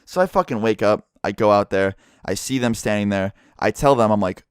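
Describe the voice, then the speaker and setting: A man's voice: on the low side, fairly quick, clear, resonant tone, dry recording, clean studio sound. A young man vlogger telling a story in a blunt, heavily profane, casual way.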